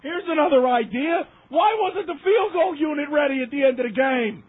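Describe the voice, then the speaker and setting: A man's voice: extremely high pitch, expressive, normal speed. A man delivering an impassioned, emphatic sports rant, repeating himself for effect. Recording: tinny phone line.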